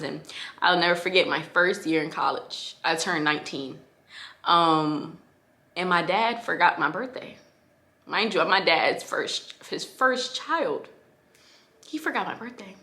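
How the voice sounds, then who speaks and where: Young woman vlogger, lowish bright voice, heartfelt and chatty, echoey room. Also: lively intonation, moderate pace. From Connecticut, USA. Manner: casual, heartfelt, filler-heavy, addresses listeners as y'all. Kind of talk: candid personal storytelling.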